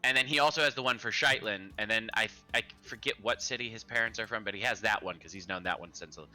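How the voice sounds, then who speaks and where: Guy playing dnd, super bright sharp voice, jokey and swears a lot. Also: lowish voice, quick pace, faint music behind. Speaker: player. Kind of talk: playing a tabletop game on a live stream.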